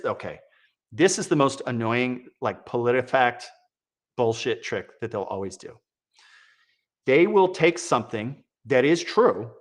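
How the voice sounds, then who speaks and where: A man's voice: medium pitch, a bit bright. A man giving sarcastic, exasperated political commentary, mocking what he reads aloud. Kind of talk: opinion commentary.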